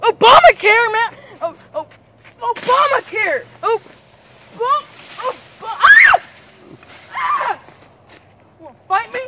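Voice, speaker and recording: A performer playing a frantic, hot-tempered young man obsessed with a phone game, yelling in shrill, whiny outbursts in an amateur comedy skit. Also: lively intonation, unhurried, long pauses, slight background noise, full character voice.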